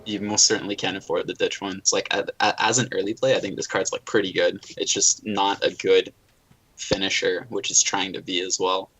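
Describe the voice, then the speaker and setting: A man's voice: deep voice, little pitch movement, brisk, fairly bright tone, breathy edge, low-quality recording. A man chatting casually about trading cards, easygoing and often restarting his words. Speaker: card game reviewer. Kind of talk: casual chat.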